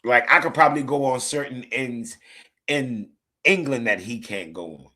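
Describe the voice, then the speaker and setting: A man's voice: medium pitch, moderate pace, bright, forceful tone. A man with a New Jersey accent hosting a casual football watch-along stream, talking in a loose, profane way, repeating himself and laughing often, sounding tired. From Newark, New Jersey, USA. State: tired, yawning. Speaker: live stream host.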